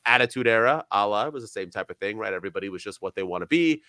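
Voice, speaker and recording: A young man co-hosting a casual wrestling podcast, talking with sarcasm and swinging between loud bursts and quiet asides. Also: fairly low pitch, very fast, few pauses, no echo. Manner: animated, sarcastic, jumps between loud and soft. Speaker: podcast co-host.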